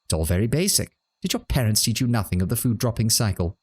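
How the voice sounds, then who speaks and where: A man's voice: lowish voice, big pitch swings, fast talker, breathy edge. A man voicing a vain, silly small male Orlan singer while reading game dialogue aloud, in a sing-song, lecturing manner.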